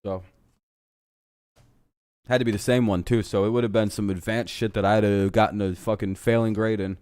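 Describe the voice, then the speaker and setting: A man's voice: on the low side, steady tone, moderate pace, a little mellow, clear, resonant tone, dry recording. A man hosting a live stream, chatting casually and profanely in a rambling, self-deprecating way while a game plays. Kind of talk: casual chat over a game broadcast.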